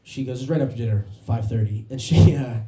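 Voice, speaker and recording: A man doing a stand-up comedy set, telling animated stories and slipping into voiced impressions. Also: medium pitch, fairly quick, reverberant. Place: comedy club stage.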